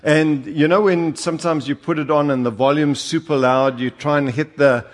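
An older man with a South African accent preaches a sermon, mixing humorous stories with rising, emphatic exhortation. His voice is fairly high, steady, and moderately paced, heard with long hall reverb.

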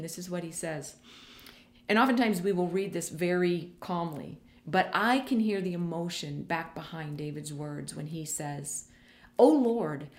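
A woman preaching a sermon, speaking directly to her listeners in an earnest way and repeating phrases for emphasis. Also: lowish voice.

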